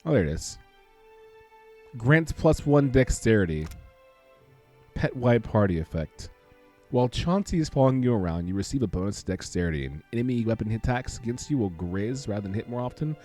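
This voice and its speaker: Young male streamer, low lively voice, rambling joke teller, faint game music behind. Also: fairly quick. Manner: rambling, joking storyteller. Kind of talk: casual let's-play commentary.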